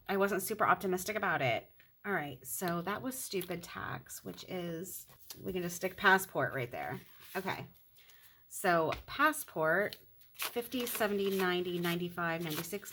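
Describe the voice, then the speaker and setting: A woman in her thirties chatting casually to her viewers while counting cash into envelopes, excitable and talkative. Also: on the low side. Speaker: budgeting vlogger.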